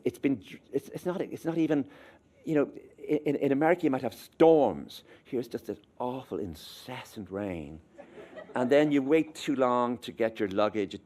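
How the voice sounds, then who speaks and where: A man with an Irish accent giving a public lecture as an author, telling wry, halting stories. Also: mid-range voice, a little mellow. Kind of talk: anecdotal lecture.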